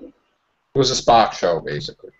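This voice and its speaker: A man hosting a casual online podcast chat, relaxed and hesitant, with many fillers. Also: lowish voice, normal speed. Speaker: podcast host. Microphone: online call mic. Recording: dull lo-fi online call audio.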